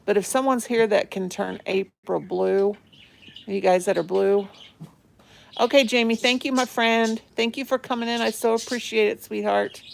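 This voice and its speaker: A woman with a creaky, somewhat high voice speaks at normal speed with fairly even intonation. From indoors at home, she chats casually and affectionately on a phone live stream, greeting her viewers and her pets. She's chatty and clearly loves talking about her animals.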